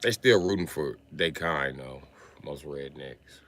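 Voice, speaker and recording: A man's voice: a bass voice, measured pace, a bit bright. A man ranting casually on a livestream, with profane, slangy, streetwise storytelling.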